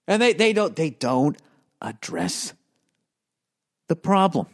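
A man's voice: on the high side, big pitch swings, slow pace, long pauses. A male comedian telling a story as a profane, exasperated, rambling casual rant. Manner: rambling with restarts.

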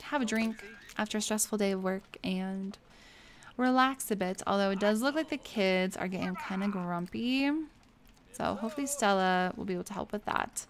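A woman streaming a life-sim game offers casual, chatty commentary, laughing often and gushing over the family she plays. Her voice is medium-pitched, with slight background noise.

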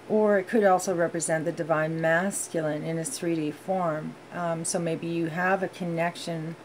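A woman reads tarot cards in an unhurried, heartfelt way, filling pauses with ums and you-knows. Her voice sits a little low, and the pace is slow. A faint hiss runs under the recording. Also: a little mellow, low-quality recording. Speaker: tarot reader. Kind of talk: casual tarot reading monologue.

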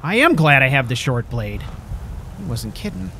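A man's voice: medium pitch, very animated, moderate pace, a bit bright, a little hiss or hum. A man role-playing a character in a video game, chatting in a jokey way and talking to his companion dog. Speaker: role-play gamer.

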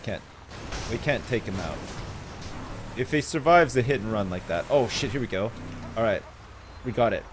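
A man streaming a video game, commenting live in an excitable, jokey way with plenty of swearing. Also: mid-range voice, moderate pace, long pauses, noisy background.

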